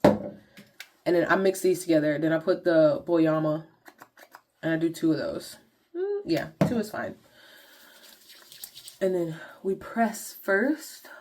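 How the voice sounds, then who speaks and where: A woman's voice: deep voice, lively intonation, takes it slowly, long pauses, a little mellow, a little hiss or hum. A young woman vlogger chatting casually to viewers in slangy talk while walking through her skincare routine. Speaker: beauty vlogger.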